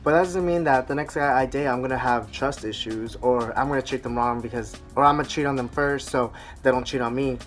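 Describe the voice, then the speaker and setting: Casting note: young male guest, mid-pitched, laid-back and reflective, soft music faintly behind. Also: brisk. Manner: relaxed, reflective, many "you know" fillers. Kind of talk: casual chat.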